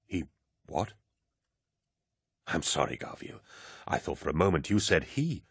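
A man voicing a calm rational scholar. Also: a bass voice, measured pace, vocal fry, slightly rough, no room sound, clean studio sound, heavily acted. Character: older male scholar-advisor, calm and rational. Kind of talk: audiobook character voice.

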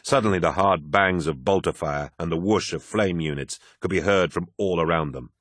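A man with a very deep voice reads an audiobook in a steady, dramatic way. His tone is forceful and the recording is dry and close, with no room sound. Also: moderate pace, no echo. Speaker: audiobook narrator. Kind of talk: scripted audiobook narration.

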